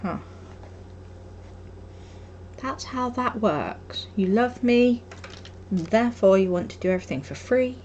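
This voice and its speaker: Young woman, craft streamer, lively sing-song rambling chat, self-deprecating. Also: medium pitch, takes it slowly, pauses often, lo-fi sound, a little hiss or hum. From Wolverhampton, England. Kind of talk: casual chat while crafting.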